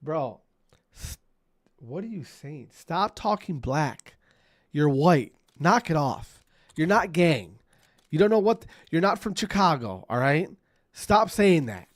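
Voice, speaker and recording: Gunfire from the game plays behind this gaming streamer, whose fairly high voice is very animated but slow. He rants at his teammates with profanity and keeps repeating himself in his casual commentary.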